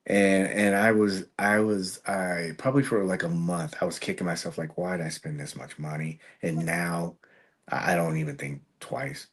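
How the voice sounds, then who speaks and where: Low-voiced man reminiscing casually. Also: normal speed. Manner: relaxed, reminiscing storyteller. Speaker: podcast guest. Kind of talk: casual chat.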